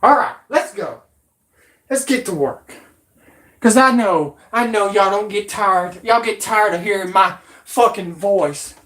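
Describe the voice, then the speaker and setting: A woman rants at her channel's viewers, profane and threatening throughout. She drags her words out slowly, at a mid pitch. Her voice rings in a roomy, echoing space. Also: fairly bright tone. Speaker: channel host. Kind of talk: angry rant. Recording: roomy echo.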